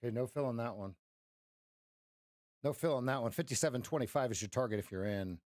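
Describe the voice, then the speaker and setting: A man's voice: medium pitch, fast, darkish tone, no echo, studio quality. A man giving live trading commentary on a stream, wry and teasing as he talks to his chat.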